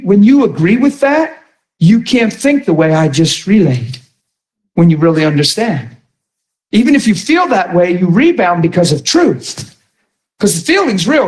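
A man preaching a sermon with passion, often shouting and repeating himself. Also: sits high.

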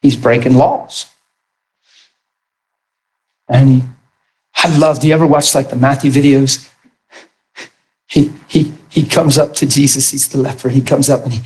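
A middle-aged man preaching a storytelling sermon in an animated, lively way, often acting out characters and laughing. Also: mid-range voice, a little slow, pauses often.

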